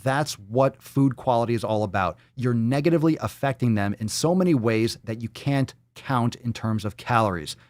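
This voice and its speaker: A man's voice: mid-range voice, normal speed, few pauses, no echo, studio quality. A man hosting a live stream, ranting profanely and mocking what he reads aloud. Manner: hypes the audience with shouted calls. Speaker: show host.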